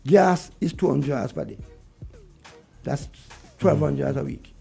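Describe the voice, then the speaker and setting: A man's voice: mid-range voice, moderate pace, gravelly, mellow, husky, soft background music. A man with a Vincentian accent, talking heatedly about politics on a radio show and repeating his points. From Saint Vincent. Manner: vexed, ranting, repeats points. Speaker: radio guest.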